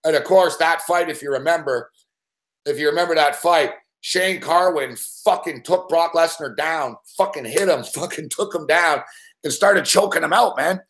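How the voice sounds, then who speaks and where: A man hosting a betting show, telling a story in a rambling, excitable way and swearing constantly. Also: fairly high pitch, normal speed. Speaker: sports betting show host. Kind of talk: profane casual storytelling.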